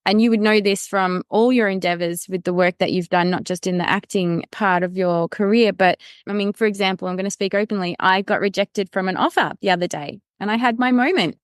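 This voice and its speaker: A woman hosting a podcast interview, warmly affirming her guest in a casual way. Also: mid-range voice, brisk, few pauses, clean tone, dry recording, clean studio sound. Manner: affirming, encouraging. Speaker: podcast host.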